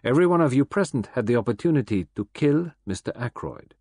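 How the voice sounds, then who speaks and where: Give me a man playing a grave, self-important detective in a husky voice, with close dry audiobook sound. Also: medium pitch, expressive, fast talker, a little mellow, no room sound. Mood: lecturing.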